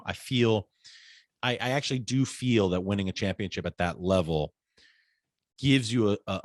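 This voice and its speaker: Male podcast guest, forties, low-pitched, dry close sound, animated raconteur. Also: no room sound. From United States. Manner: animated storyteller, acts out quoted voices. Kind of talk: casual interview conversation.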